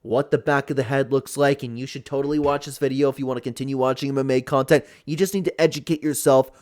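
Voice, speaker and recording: A man hosting a casual reaction commentary, excitable and laughing often. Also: medium pitch, quick pace. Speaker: host.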